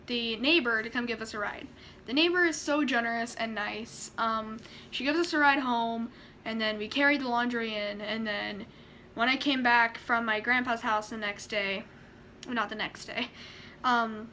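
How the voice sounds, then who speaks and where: A young woman telling a story in a casual vlog, chatty and animated, acting out quotes and laughing often. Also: high-pitched, a little hiss or hum. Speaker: vlogger.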